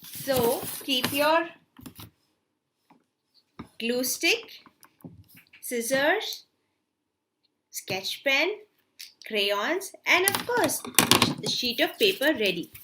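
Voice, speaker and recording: A woman's voice: sits high, expressive, drawn-out words, long pauses, background noise. A woman teaching a children's hobby class, telling a story and then leading a craft, coaxing the kids with questions. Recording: roomy echo.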